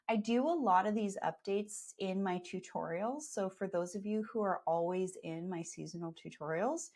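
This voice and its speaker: A woman's voice: mid-range voice, normal speed, few pauses. A woman with a Canadian accent hosting a live podcast, talking in a chatty, upbeat, promotional way. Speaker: podcast host and skincare educator.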